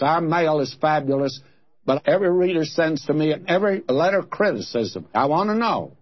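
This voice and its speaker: A man's voice: a little high, breathy edge, dull audio. An older man teaching a folksy, plain-spoken sermon full of rhetorical questions, recorded from an old radio broadcast.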